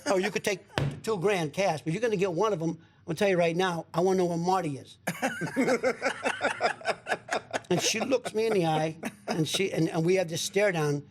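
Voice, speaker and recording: This guest's voice sits high as he narrates an extended story at a moderate pace, broken by long pauses, with background noise present. Recorded in a radio studio during a storytelling chat, he animatedly impersonates the people he quotes and repeats words.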